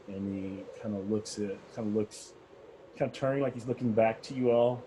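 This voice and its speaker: A man's voice: on the low side, moderate pace, warm tone, slight background noise, rough recording. A man narrating a tabletop game as game master, with a rambling, hesitant delivery full of fillers.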